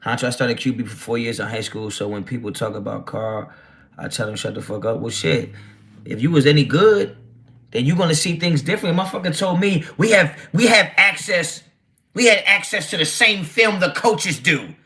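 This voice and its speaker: Man, livestream host, brash and profane, bright forceful voice, slightly high. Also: moderate pace. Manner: brash, profane, reads chat aloud. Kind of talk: casual livestream chat.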